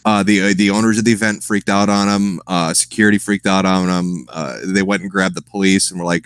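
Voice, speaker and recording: A man's voice: deep voice, steady tone, brisk, few pauses, clear, resonant tone, dry recording. A man chatting casually as a podcast guest, rambling and profane, often breaking into laughs.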